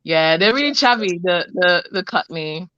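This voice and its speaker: A woman's voice: on the low side, lively intonation, moderate pace, a bit bright, dry recording, dull audio. A woman with a South London accent talking frankly and emphatically in a casual chat, laughing often and restarting her sentences.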